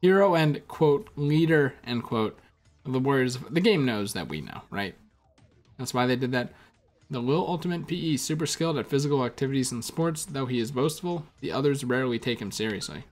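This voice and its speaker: A man's voice: mid-range voice, animated, a little fast, faint music behind. A man doing casual gameplay commentary, reading menu text aloud with wry asides. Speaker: let's play gamer.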